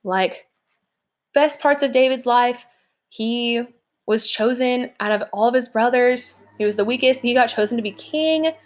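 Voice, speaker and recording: At a normal pace and in a fairly high voice, a young woman teaching from home keeps her recorded lesson relaxed and talkative. Fillers crop up constantly, and a leaf blower can be heard outside.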